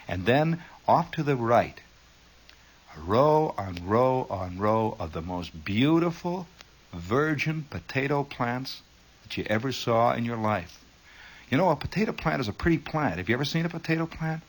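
A middle-aged man tells a long comic story in a husky voice. His pitch leaps around with lively expression, and he wanders into tangents and mimics the sounds he describes. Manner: rambling, digressive, mimics sounds, chuckles often. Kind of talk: humorous spoken-word storytelling.

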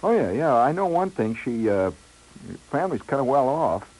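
A man's voice: medium pitch, moderate pace, pitched above the performer's own voice, low-quality recording. A man voicing an eager, chummy young man who keeps coaxing his friend. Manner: excited, coaxing.

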